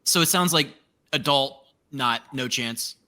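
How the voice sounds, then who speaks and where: A male podcast host with a very bright, sharp-edged voice, speaking casually. He asks easygoing questions that wander a little before they land, at an ordinary middle pitch. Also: measured pace.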